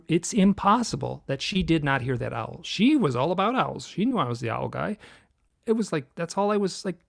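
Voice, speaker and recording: A man's voice: mid-range voice, gravelly, dry recording, clean studio sound. A man in his sixties from Michigan, telling a personal story as a guest in an interview, dropping to a whisper at tense moments. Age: 60s. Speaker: guest author.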